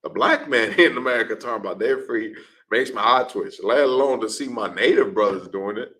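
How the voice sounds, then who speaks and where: A man's voice: mid-range voice, fairly quick, a bit bright, poor audio. A man preaching in a street-talk class, emphatic and repetitive, often ending lines with "man". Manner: emphatic, repeats "man", acts out scenes. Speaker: class speaker.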